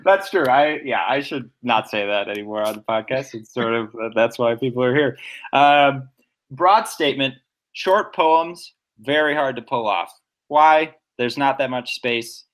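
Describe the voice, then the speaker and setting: A man's voice: medium pitch, a little slow, a bit bright. A young man co-hosts a casual poetry podcast, walking through a poem's rhythm with eager, nerdy enthusiasm. His talk is explanatory and chatty. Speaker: podcast co-host.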